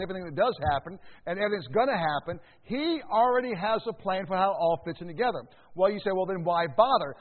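A man preaching a sermon as pastor, animated, with conversational asides and sudden shouts to grab attention. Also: sits high. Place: church sanctuary. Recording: phone-like sound with long hall reverb.

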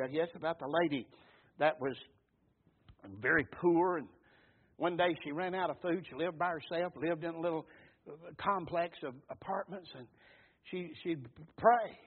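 A man's voice: fairly high pitch, normal speed, slightly rough. A man, preaching a sermon in a fervent, folksy storytelling way. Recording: tinny phone-like sound.

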